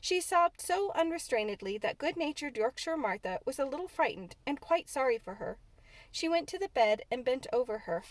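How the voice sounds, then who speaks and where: A woman narrating a classic novel in an expressive audiobook reading. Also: high-pitched, normal speed, no echo. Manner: expressive storytelling.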